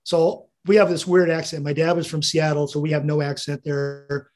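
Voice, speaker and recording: Here a darkish voice, on the high side, holds a steady tone at moderate pace. The speaker, an American veteran in his seventies, shares rambling interview stories, chuckling as he quotes conversations.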